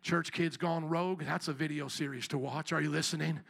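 A middle-aged man preaching a sermon as pastor, fiery and often shouting as he builds. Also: fairly high pitch, steady tone, brisk, creaky, breathy edge. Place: church sanctuary.

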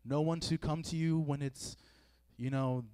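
A youth preacher with a fairly high, warm, clear and resonant voice speaks in a steady tone, a little slowly, in a dry recording. He gives a relaxed sermon to a live group in a meeting room, chatting through plenty of fillers and acting out quoted feelings.

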